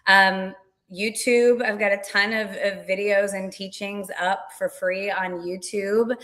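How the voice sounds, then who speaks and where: A woman coach, a guest on an interview, explaining ideas in a lively, animated way and acting out little voices. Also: medium pitch, unhurried. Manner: animated, dramatizes with acted-out voices. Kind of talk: casual interview chat.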